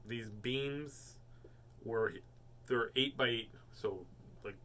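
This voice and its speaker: A male host chats casually from home before reading children's books. His voice is bright and forceful at a middle pitch, and he rambles between jokes and filler words. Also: extremely slow, slight background noise. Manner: rambling, jokey, many fillers. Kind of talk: casual chat.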